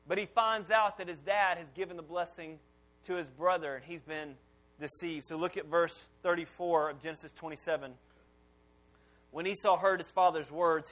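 A man's voice: high-pitched, fairly bright tone. A male pastor, preaching a sermon in a folksy, storytelling way and acting out the characters' lines. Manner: folksy storytelling with acted-out dialogue.

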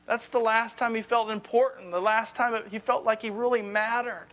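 A man preaching a conversational sermon, earnest, often sinking to a hushed low voice for emphasis and repeating words as he thinks. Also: fairly even intonation, moderate pace. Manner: repeats words as he gathers thoughts.

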